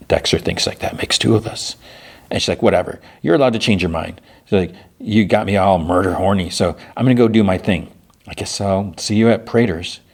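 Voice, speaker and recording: Deep-voiced man recapping a TV episode. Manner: retells scenes, acting out lines with loose impressions. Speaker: podcast host.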